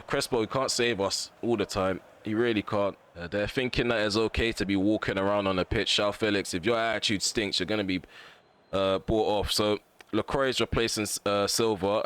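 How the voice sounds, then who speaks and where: A man's voice: fairly low pitch, moderate pace, clear, resonant tone. A man commentating live on a football video game, ranting at his players and the referee and bursting out when chances come. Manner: excitable bursts at chances and goals. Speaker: gaming commentator.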